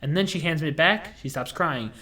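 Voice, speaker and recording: A man's voice: on the high side, brisk, sharp tone. A young man hosting a casual chat, rambling and goofy, full of fillers and restarts. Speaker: podcast host.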